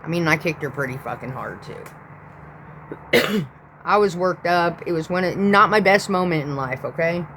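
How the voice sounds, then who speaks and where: A woman's voice: on the low side, expressive, unhurried, a bit bright, slight background noise, rough recording. A woman in her thirties telling a rambling, profane story in a casual vlog.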